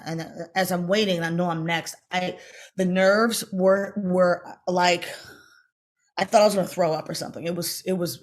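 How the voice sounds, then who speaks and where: Animated woman acting out her story. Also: on the low side. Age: middle-aged. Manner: animated, acts out quoted voices, talks fast in bursts. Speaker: actress, interview guest. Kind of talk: storytelling in a casual interview.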